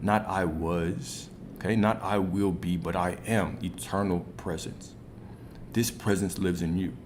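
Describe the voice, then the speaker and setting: Deep-voiced man teaching spiritual lessons. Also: fairly even intonation, a little slow, slight background noise. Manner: conversational, many rhetorical "right?" checks. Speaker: spiritual coach.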